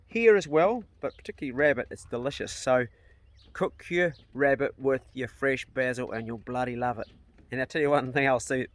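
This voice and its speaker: A man, talking casually to his phone as he walks around his farm garden. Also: mid-range voice. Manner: laid-back, chatty, swears casually, talks to his dogs. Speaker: farmer vlogger. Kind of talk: casual walk-and-talk vlog. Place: farm garden and dog kennels, outdoors. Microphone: phone held while walking.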